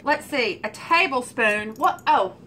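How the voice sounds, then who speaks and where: A woman's voice: fairly high pitch, lively intonation, unhurried, pushed and bright, a little hiss or hum. A woman hosting a home cooking video, chatting and teasing her viewers as she cooks in her kitchen. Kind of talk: casual cooking chat.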